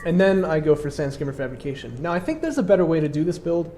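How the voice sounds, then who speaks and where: A man's voice: a little high, fast talker, warm tone, slight background noise. A congested man casually commentating his own strategy game match, explaining his moves with plenty of fillers.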